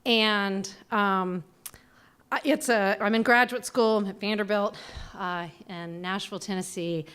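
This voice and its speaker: A woman in her forties telling a personal story live on a small theater stage, animated and self-deprecating, acting out the voices she quotes. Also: mid-range voice, unhurried, clear, resonant tone.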